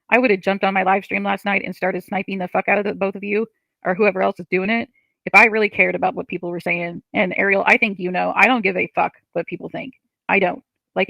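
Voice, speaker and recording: A woman's voice: mid-range voice, gravelly, a bit bright, no room sound. A woman on a livestream, reading chat comments and ranting in frustration, swearing often.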